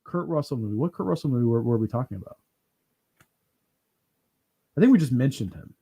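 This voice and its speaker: A man hosting a podcast in casual chat, telling lively stories, acting out what others said, laughing and swearing as he goes. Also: medium pitch, a little fast, creaky, pauses often, breathy edge, dull audio. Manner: animated storyteller who acts out quotes, laughs and swears often. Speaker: podcast host.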